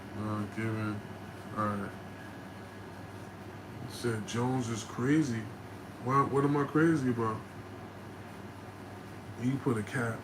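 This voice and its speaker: A man hosting a casual livestream, answering viewer questions in a loose, emphatic way that bursts into loud, animated stretches. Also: mid-range voice, slow, pauses often, noisy background. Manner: repeats "you know what I'm saying".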